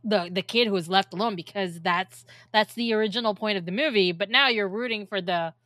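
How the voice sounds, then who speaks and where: A woman's voice: medium pitch, fairly quick, fairly bright tone, no room sound, studio quality. Chatty woman giving her movie opinion. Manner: chatty, frequent fillers and laughs, gives opinions. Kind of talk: casual movie review chat.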